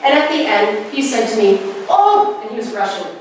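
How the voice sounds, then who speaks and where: Brief: woman in her 40s, higher pitch, spiritual speaker, animated storytelling, recorded in an echoey room far from the mic. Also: fast talker. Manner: animated storytelling with acted quotes. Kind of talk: conversational talk. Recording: echoey room, distant mic, faint noise.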